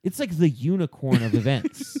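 A man's voice: mid-range voice, expressive, moderate pace, dark tone, slightly rough, no echo, studio quality. A young man in crude casual banter, swearing, laughing and acting out quoted voices.

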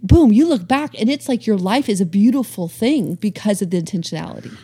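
A woman's voice: medium pitch, expressive, fairly quick, mellow, husky. A woman in her forties co-hosting a casual chat, talking in an earnest, reflective way. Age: 40s. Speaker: podcast co-host.

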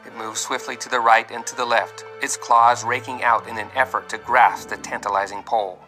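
A man's voice: medium pitch, little pitch movement, brisk, pushed and bright, rough recording. A man narrating a dramatic adventure story aloud, with vivid delivery and voiced characters. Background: faint music.

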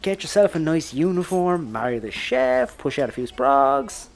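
A man's voice: medium pitch, lively intonation, moderate pace, natural voice. A man with an Irish accent playing a cheeky, scheming brother who teases and coaxes. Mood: wheedling. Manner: teasing, wheedling, coaxing. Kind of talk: audio drama acting.

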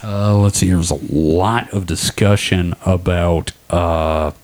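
A man's voice: deep voice, steady tone, slow, a little mellow. A young man co-hosting a casual podcast, loose and profane, joking with his co-host.

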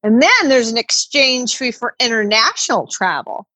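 A woman's voice: on the high side, sing-song, moderate pace, pushed and bright, no room sound. A middle-aged woman co-hosting a podcast, ranting in casual chat and swearing a lot. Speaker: podcast co-host.

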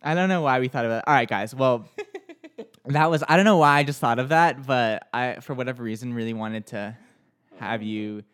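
A man's voice: medium pitch, normal speed, a bit bright, clear, resonant tone. A young man hosting a radio show in a studio, chatting loosely with many fillers and stumbling over words as he reads entertainment news. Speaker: radio host. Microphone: studio microphone.

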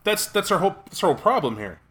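A man's voice: sits high, big pitch swings, rapid-fire, a bit bright. A man co-hosting a casual podcast as a game master, making emphatic, sarcastic rhetorical points. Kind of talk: casual chat.

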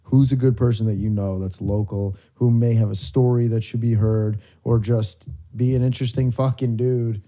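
A man's voice: medium pitch, fairly even intonation, normal speed, warm tone. A young man co-hosting a casual late-night podcast, loose and joking, swearing often and trailing off mid-thought. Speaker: podcast co-host.

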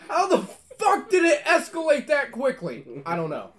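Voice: high voice, huge pitch swings, normal speed. A young adult podcast co-host telling stories in casual, profane, teasing chat with frequent laughs.

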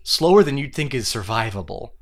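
A man acting as game master on a tabletop game podcast, playful and quick to laugh. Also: medium pitch, expressive.

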